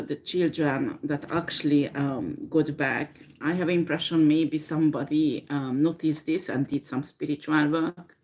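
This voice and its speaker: Slow, low-voiced woman doing a tarot reading. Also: darkish tone, a little hiss or hum. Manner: slow, hesitant, many fillers. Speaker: tarot reader. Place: home with a dishwasher running.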